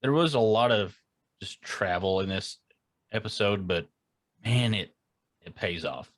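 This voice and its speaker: A man's voice: lowish voice, unhurried, dry recording. A man co-hosting a podcast, chatting casually and musing aloud as he searches for names. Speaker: podcast co-host.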